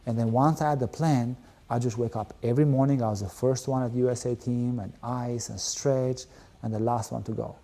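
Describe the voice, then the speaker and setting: A man's voice: medium pitch, steady tone, brisk, warm tone. A man, telling his story as a guest in an interview, candid and rambling with many fillers. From Albania. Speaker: guest, volleyball player. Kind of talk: emotional personal storytelling.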